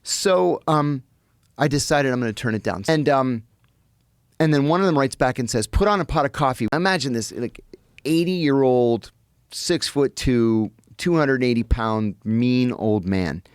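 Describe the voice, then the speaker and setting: An American man, a guest on a podcast, telling his story in an animated way and acting out the people he quotes. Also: medium pitch, measured pace, clear, resonant tone, dry recording, clean studio sound. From United States.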